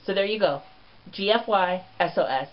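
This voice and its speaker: On a dull lo-fi recording, a show host fronts his comedy vlog with crude, sassy humor and frequent swearing. He has a high, expressive voice and speaks at a moderate pace.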